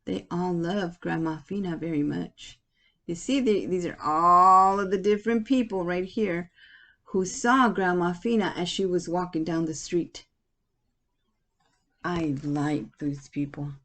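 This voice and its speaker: A woman's voice: on the low side, unhurried, a bit bright. A woman teacher reading a picture book aloud to children. She stops often to ask her listeners questions.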